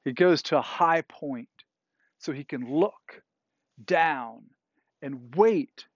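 A man's voice: a little high, slow, no echo, lo-fi sound. A man preaching a sermon in a conversational way, often checking in with "right?" as he retells a story. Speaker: pastor. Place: indoors, cool enough for a jacket.

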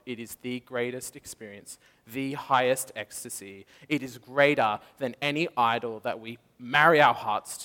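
A man's voice: medium pitch, pushed and bright. A man preaching a passionate testimony sermon in a church hall, telling his story with frequent laughs. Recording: long reverb of a church hall.

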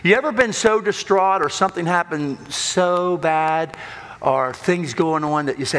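A man preaching a sermon, swinging between loud emphatic lines and hushed low ones. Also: measured pace. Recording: long hall reverb.

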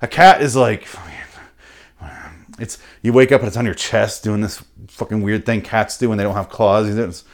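A man riffing through an unscripted comic monologue, profane and animated, with sudden loud bursts. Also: on the low side, moderate pace, long pauses. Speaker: comedian host.

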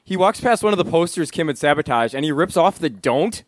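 A man co-hosting a casual podcast, making jokey quick asides. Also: a little high, animated, no room sound. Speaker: podcast co-host. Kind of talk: casual chat.

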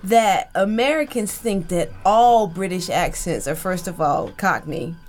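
A woman's voice: lowish voice, a little mellow, a little hiss or hum. A woman writer on a radio panel, explaining her views in an articulate, analytical way. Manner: articulate, analytical, quick to laugh. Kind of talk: casual panel chat.

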